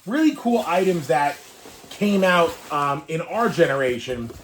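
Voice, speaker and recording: A little hiss or hum sits under this fairly high, expressive voice, which moves a little slowly. In a room full of toys he has collected, a man in his thirties from the Northeastern US shares an emotional childhood story to camera, rambling wistfully and sometimes choking up.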